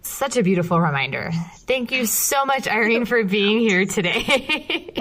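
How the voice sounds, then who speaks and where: A woman's voice: on the high side, expressive, a little slow, fairly bright tone. Upbeat Californian woman podcast host. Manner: chatty, upbeat, laughs easily. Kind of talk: casual podcast interview and outro.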